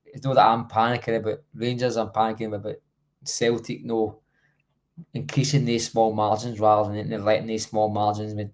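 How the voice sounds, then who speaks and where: A man's voice: lowish voice, level tone, normal speed. A Scottish man joining a podcast over a video call as its regular guest, jokey and self-mocking, rambling as he talks. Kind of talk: casual podcast chat.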